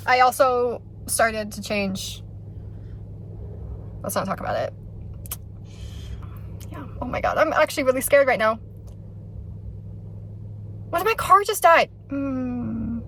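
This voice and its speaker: A woman's voice: a little high, sing-song, slow pace, pauses often, a bit bright, a little hiss or hum. A woman vlogging from her parked car in a parking garage, chatty and frazzled, laughing often between lines. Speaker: concert vlogger. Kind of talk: casual vlog talk to camera.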